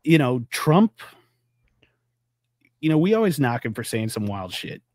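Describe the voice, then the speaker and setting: A man's voice: sing-song, unhurried, no room sound, clean studio sound. Man in casual, profane podcast talk. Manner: loose, rambling, profane, acts out quotes in a high voice. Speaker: podcast co-host. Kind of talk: casual political chat.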